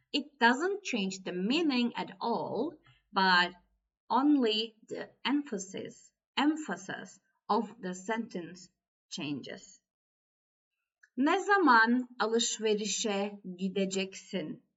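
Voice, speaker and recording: A woman gives a language lesson at an unhurried pace, her voice slightly high. She explains step by step and repeats the important points. The recording sounds dull and lo-fi. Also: a bit bright. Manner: slow, deliberate explaining, repeating key words. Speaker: Turkish language teacher.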